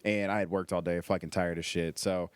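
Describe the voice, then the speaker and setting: Low-voiced man telling a rambling, profane story. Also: flat delivery, brisk, clear, resonant tone, no room sound. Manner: loose, profane storytelling with lots of filler. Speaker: stand-up comedian guest. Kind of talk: casual storytelling.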